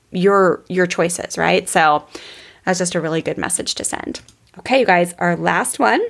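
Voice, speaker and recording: Gravelly-voiced chatty woman podcaster. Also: mid-range voice. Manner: chatty, storytelling, addresses listeners as guys. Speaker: parenting educator. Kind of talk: podcast teaching monologue.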